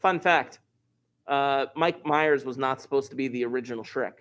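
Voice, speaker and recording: Guy teaching algebra over a video class, walks through the steps, cracks jokes and chats with the kids, normal middle pitch. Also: moderate pace, fairly bright tone. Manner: joking, chatty, talks back to students. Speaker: math teacher. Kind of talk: live online class lesson.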